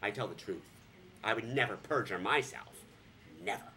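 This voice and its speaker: A man from Vermont telling a story on his vlog, joking and sarcastic, sometimes breaking into squealing high voices. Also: moderate pace, bright, forceful tone, slight background noise. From Vermont, USA. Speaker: vlogger. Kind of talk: casual comic storytelling.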